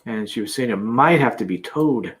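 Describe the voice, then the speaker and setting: A man's voice: mid-range voice, animated, normal speed. A Canadian man hosting a casual live-stream chat from his campervan, reading out viewer comments and laughing often. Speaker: livestream host.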